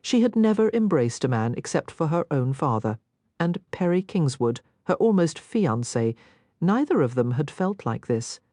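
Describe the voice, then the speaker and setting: Brief: woman narrator, lower voice, very lively delivery, dry studio sound. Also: normal speed, no echo. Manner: expressive reading. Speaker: audiobook narrator. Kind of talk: scripted narration.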